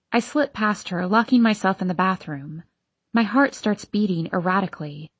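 A woman's voice: medium pitch, normal speed, breathy edge, no room sound. A woman reading first-person audiobook narration in a wry, inward way.

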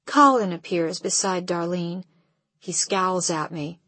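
A woman narrating a first-person audiobook at an unhurried, measured pace. Her voice is mid-pitched with a soft husky breathiness. The sound is close and dry. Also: dry recording.

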